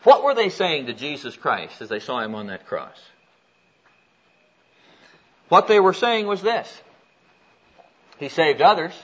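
A man preaching a sermon, telling a personal story and reading scripture aloud in an animated way. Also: a little high, unhurried, long pauses. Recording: dull lo-fi recording.

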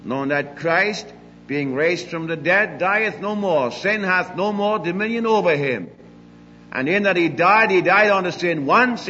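An older man preaching a sermon, emphatic, moving between loud declarations and quiet asides. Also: high-pitched, long reverb tail, lo-fi sound, a little hiss or hum.

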